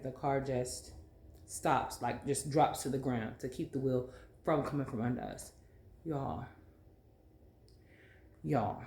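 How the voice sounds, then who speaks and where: A woman vlogger telling a dramatic story in a casual, animated way, full of fillers. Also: low-pitched, reverberant.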